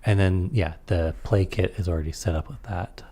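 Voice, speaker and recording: A man's voice: low voice, moderate pace, mellow, breathy edge. A man reading aloud through a tabletop game rulebook and adding casual comments on the rules. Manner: reads rules aloud, then comments offhandedly.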